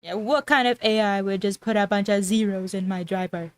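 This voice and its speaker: A woman's voice: mid-range voice, brisk, clear, resonant tone, no echo. A woman streamer chatting casually and sarcastically, often trailing off and restarting her sentences. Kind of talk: casual livestream chat.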